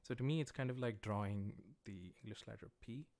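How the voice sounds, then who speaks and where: A man's voice: lowish voice, fairly quick, a little mellow. An American man teaching a livestreamed language lesson, explaining patiently as he writes, with frequent "uh" and "um" fillers. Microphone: livestream microphone.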